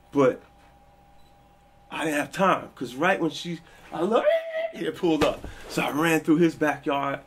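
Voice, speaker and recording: A man in his forties with a gravelly, husky voice that sits a little high for a man. He tells stories from his past in a loose, casual interview and brings the people in them to life with lively delivery. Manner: animated, acts out quoted people with a raised voice. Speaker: interview guest.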